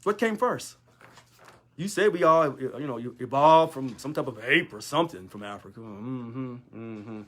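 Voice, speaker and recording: A man's voice: mid-range voice, lively intonation, a little slow, fairly bright tone. A man, a union local leader, talking in a sarcastic monologue full of rhetorical questions. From United States. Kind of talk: casual monologue video.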